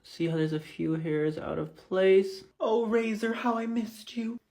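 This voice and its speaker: A man's voice: high voice, a little slow, gravelly, darkish tone. A young man vlogging casually, telling a travel mishap in a dramatic, exasperated way, swearing and squealing when indignant. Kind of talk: casual vlog storytelling.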